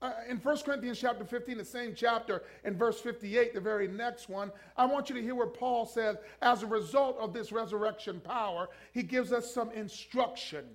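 A man's voice: extremely high pitch, moderate pace, few pauses. A man preaching a sermon as pastor, emphatically urging the congregation to repeat lines after him. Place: church.

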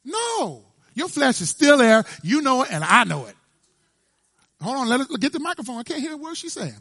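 A male preacher giving an emphatic, animated sermon and quizzing his congregation. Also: extremely high pitch, moderate pace, breathy edge, no echo, studio quality.

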